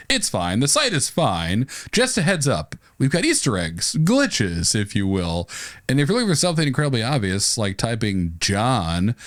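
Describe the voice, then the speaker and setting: A man co-hosting a podcast with comedic banter, theatrical and quick to laugh. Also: medium pitch, no echo, clean studio sound. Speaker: podcast co-host.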